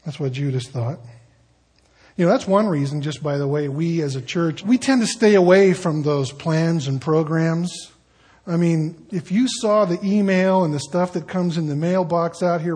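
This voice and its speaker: Pastor guy preaching, kinda husky, higher voice, chatty storytelling. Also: normal speed, a little mellow. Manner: conversational storytelling, acting out quoted voices. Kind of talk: sermon.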